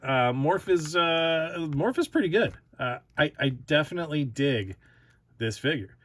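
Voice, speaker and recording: A man's voice: a little high, animated, measured pace, a bit bright. A man hosting his own toy review channel, talking casually, giggling often and restarting his sentences.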